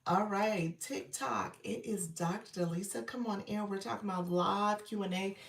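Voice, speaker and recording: A woman's voice: medium pitch, fairly even intonation, normal speed, creaky, reverberant, far from the mic. A woman coaching live hosts on a livestream, sounding congested from an illness. She greets viewers by name and laughs often. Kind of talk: casual livestream chat with viewers.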